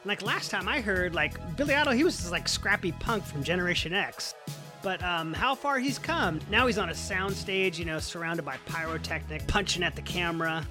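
A man's voice: high voice, lively intonation, normal speed, music in the background. A man telling a long personal story in a casual, profane way, full of "like" and "you know". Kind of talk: first-person storytelling monologue.

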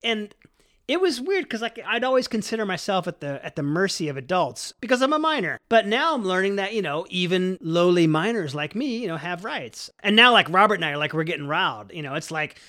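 A man telling a personal story in an animated, rambling way, full of "like" and "you know", swearing and acting out voices. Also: high voice, brisk. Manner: animated, lots of likes and you knows, swearing, acts out voices.

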